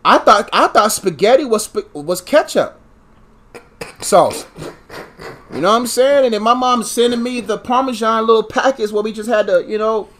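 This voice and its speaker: A man in casual comedic conversation, telling animated stories and acting out family scenes. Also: high voice, normal speed. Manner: animated storytelling, acts out his mom and kid self.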